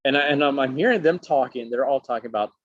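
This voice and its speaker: Talking fast at medium pitch, a middle-aged man from Alabama, USA, an actor, spins stories in a casual interview and performs his quotes with many voices. The audio is dull, dry and lo-fi with no echo.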